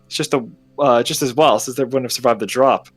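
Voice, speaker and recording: A man reading a story game aloud as narrator, with expressive, dramatic delivery. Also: mid-range voice, a little fast, soft background music.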